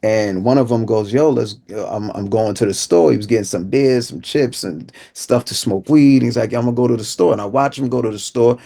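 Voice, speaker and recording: Gravelly New man telling his story. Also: mid-range voice, fairly quick, hardly any pauses. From Brooklyn, New York. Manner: vivid storytelling, repeats phrases, drops to a hush for tense moments. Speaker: inspirational speaker. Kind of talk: personal testimony.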